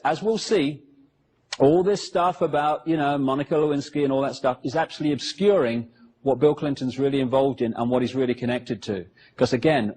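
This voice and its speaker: A man's voice: on the high side, darkish tone, slightly rough. A man giving a public lecture with slides, talking the audience through pictures with sarcastic, mocking asides.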